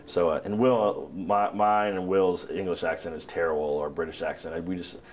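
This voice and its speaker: A man's voice: low voice, steady tone, normal speed. A man being interviewed about his film, talking in a laid-back, rambling way with lots of restarts. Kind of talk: casual interview chat.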